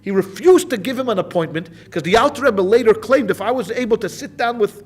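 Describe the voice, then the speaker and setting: A man's voice: high voice, brisk, husky. A man teaching a Talmud class as a rabbi, telling a story in a loose, informal way, with many restarts and repeated phrases.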